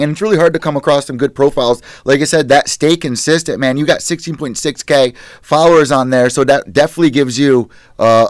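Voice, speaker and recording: A man's voice: a little high, no echo, clean studio sound. An American man hosting a podcast, chatting in an enthusiastic, profane, conversational way. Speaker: podcast host. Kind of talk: casual podcast chat.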